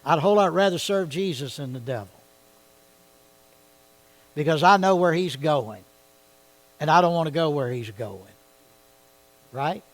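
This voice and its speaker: A man leads a Bible study in a church. His voice sits a little high for a man. He talks in a conversational way and keeps checking in with his listeners. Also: animated, normal speed, long pauses, poor audio. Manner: conversational, asks the audience questions.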